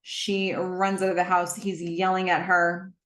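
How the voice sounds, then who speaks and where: A woman retelling a movie plot in a casual, chatty way, with quick asides and small acted-out quotes. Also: fairly low pitch, little pitch movement, roomy sound. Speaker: movie recap host.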